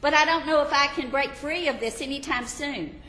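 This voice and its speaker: A woman's voice: moderate pace, pushed and bright, reverberant, in a large hall, rough recording. A woman putting on a pleading, anxious sinner. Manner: insistent, raised and high-pitched. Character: pleading anxious sinner, adult, self-doubting.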